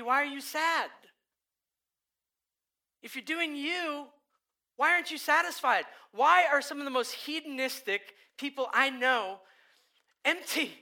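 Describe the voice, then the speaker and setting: Bright high-voiced preaching man. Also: measured pace, pauses often. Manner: animated, swings from loud to hushed, acts out quoted voices. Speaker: pastor. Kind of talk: sermon.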